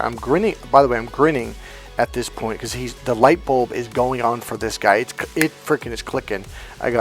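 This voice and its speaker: A man's voice: medium pitch, a little fast, soft background music. A man working as a dating coach, talking through ideas and a client story in an emphatic, swearing manner.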